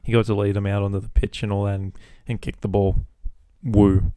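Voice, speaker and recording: A man's voice: fairly low pitch, little pitch movement, brisk, mellow, no room sound. A young Australian man hosting a solo podcast, rambling casually and swearing freely. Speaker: podcast host.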